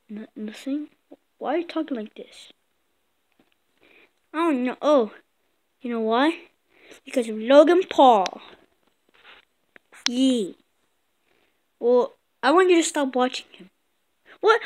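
A woman's voice: high-pitched, measured pace, long pauses, darkish tone. A woman acting out a comedic skit with toy characters, teasing and mimicking slang in a playful way. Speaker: skit maker.

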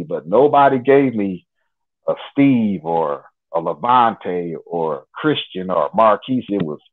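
A man from Nebraska, a guest in an interview, telling a personal story in an unhurried, detailed, conversational way. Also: on the low side. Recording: tinny phone line.

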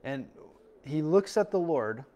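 A man's voice: a little high, lively intonation, slow, dark tone, lo-fi sound. A male pastor preaching a verse-by-verse sermon in a conversational way, acting out the people in the story with little voices. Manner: conversational, acts out quotes with voices. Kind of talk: expository sermon. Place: church.

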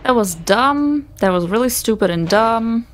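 Slow-talking woman streamer, cursing at herself. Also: a little high, lively intonation, slight background noise. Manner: frustrated, self-mocking, swears often. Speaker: let's play streamer. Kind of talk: gaming commentary. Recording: faint game music behind.

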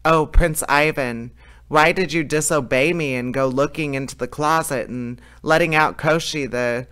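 A man reading as an anxious, loving young princess from a fairy tale, urgent and pleading. The voice stays bright and smooth, a little raised. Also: fairly high pitch, normal speed.

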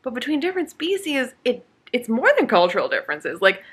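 A woman's voice: a little high, wildly swooping pitch, a little fast, fairly bright tone, breathy edge. A woman vlogging about a book she is reading, talking casually with sarcastic, exasperated asides and lots of fillers.

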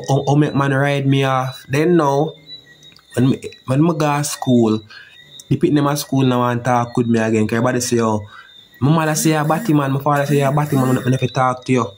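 A man's voice: on the high side, a little mellow, slight background noise. Jamaican man rambling through a painful story. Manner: repeats "you see me" constantly, halting and rambling. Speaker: interviewee telling his story. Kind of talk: emotional personal account.

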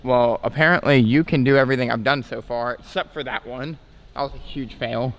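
A man's voice: mid-range voice, brisk. A young man coaching his girlfriend through gymnastics tricks in a casual vlog, confident and teasing. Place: gym.

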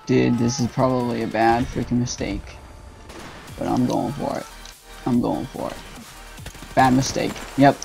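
Young male gaming host, dark gravelly tone, annoyed running commentary full of swearing over gunfire. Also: mid-range voice. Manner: frustrated, swearing, ranting at teammates. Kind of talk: casual gameplay commentary. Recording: game music and gunfire behind.

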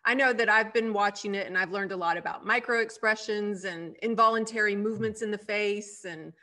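A woman's voice: medium pitch, a little fast, pushed and bright. A woman hosting a podcast, asking a guest questions in an enthusiastic, encouraging way. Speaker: podcast host. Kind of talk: interview questions.

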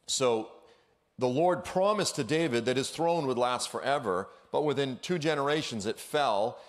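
A man giving an energetic, conversational sermon as a guest speaker in a church, with casual slang and frequent asides. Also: medium pitch, normal speed.

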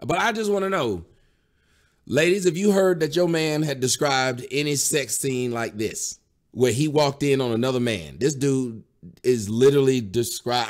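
Incredulous male commentary host. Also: medium pitch. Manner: incredulous, mocking, asks the audience rhetorical questions. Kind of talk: commentary on a played clip.

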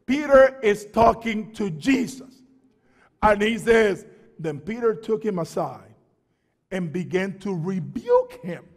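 With lively intonation, a male pastor preaches fervently, his high-for-a-man voice dropping into low, rapid asides and then climbing to shouts. Words get repeated and stumbled over as he gathers force, while a big church hall's long reverb lingers behind.

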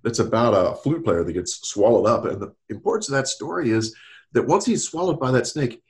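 A middle-aged man counseling-style talking in a casual podcast discussion, animated and often laughing, acting out quotes in a raised voice. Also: mid-range voice, fast talker.

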